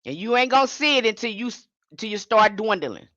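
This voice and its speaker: A woman's voice: a little high, lively intonation, quick pace, sharp tone, no echo, dull audio. A woman giving an impassioned livestream sermon as a spiritual teacher, speaking in a fiery, confrontational way and repeating her points.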